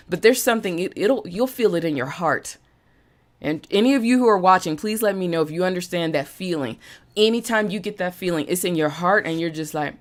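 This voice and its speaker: A woman's voice: lowish voice, lively intonation, fairly quick. A woman hosting a live-streamed motivational talk, emphatic and repeating phrases for emphasis, with an occasional cough. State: coughing now and then. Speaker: podcast host and business coach.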